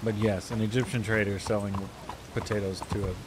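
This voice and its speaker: Man, deepish voice, thinking out loud, loose livestream chatter, rain noise underneath. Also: little pitch movement, fairly quick. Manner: mutters to himself, half-finished thoughts. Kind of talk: casual gameplay chat to viewers.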